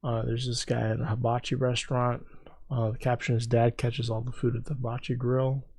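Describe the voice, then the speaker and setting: A man's voice: mid-range voice, fairly quick. A man co-hosting a podcast, chatting casually and sarcastically, telling stories with lots of energy and joking bits. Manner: joking, sarcastic, animated storytelling. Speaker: podcast co-host. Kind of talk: casual chat.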